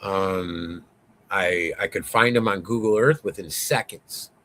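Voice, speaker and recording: A man guesting on an interview, telling a story in a rambling, excitable way, full of swearing and fillers. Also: low-pitched, slow, a little hiss or hum. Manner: rambling, profane, lots of fillers; excitable, voice rising as he tells it.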